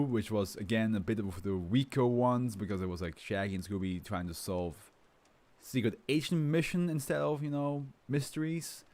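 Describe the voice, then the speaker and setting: Rambling man with a low voice. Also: a little mellow. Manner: rambling, laughs often, many fillers. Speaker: host reading to a live stream. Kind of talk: casual chat and reading aloud.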